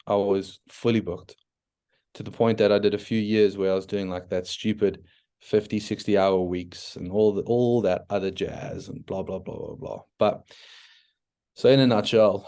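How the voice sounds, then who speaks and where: A man from South Africa with a South African accent, a podcast guest telling his story in a frank, animated way, full of restarts and "like" fillers. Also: fairly low pitch, normal speed. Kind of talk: casual storytelling interview.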